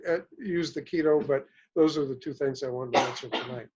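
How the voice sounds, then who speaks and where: A man's voice: mid-range voice, fairly quick, darkish tone, husky, lo-fi sound. A man on a group call, casually telling a rambling testimonial from a hotel room. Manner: rambling and anecdotal, with restarts. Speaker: caller sharing a product testimonial. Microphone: online group call.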